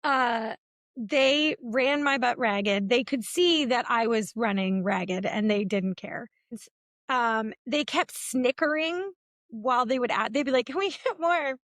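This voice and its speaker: A woman in her forties, co-hosting a podcast, telling lively stories in a casual chat. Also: takes it slowly, no room sound. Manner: animated storytelling, swings between high and low. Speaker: podcast co-host.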